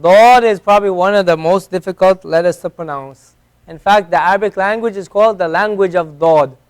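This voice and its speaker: A man's voice: high-pitched, fairly quick, clear, resonant tone. A man teaching an Arabic class, patiently drilling each letter sound again and again for his learners in a classroom. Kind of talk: classroom lesson.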